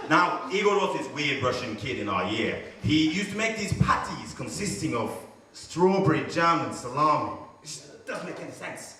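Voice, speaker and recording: Animated man telling a comic story on stage. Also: medium pitch, slight background noise. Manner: animated, swearing, acting out scenes. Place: stage before a live audience. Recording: echoey stage from far off.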